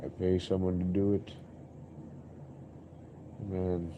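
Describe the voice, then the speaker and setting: Young guy streamer rambling slow, kinda low soft voice, just thinking out loud. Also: level tone, phone-quality sound, slight background noise. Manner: introspective, musing aloud, repeats himself. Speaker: live streamer. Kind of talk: rambling live-stream monologue.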